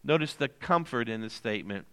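A man's voice: medium pitch, animated, a little fast, bright, forceful tone, clear, resonant tone. An older man, a pastor giving a conversational sermon, repeating key lines and putting questions to his congregation.

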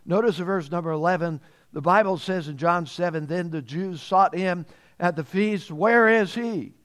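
Emphatic male preacher, somewhat high voice. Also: normal speed. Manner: emphatic preacher, repeats phrases, swells in volume on key points. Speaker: pastor. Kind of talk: sermon.

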